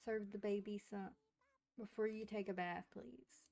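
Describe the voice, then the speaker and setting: A woman's voice: mid-range voice, steady tone, a little slow, gravelly, a little mellow. A woman casually narrating a life-simulation game, chatting to her characters as she plays. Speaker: gaming streamer. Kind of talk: casual let's-play narration.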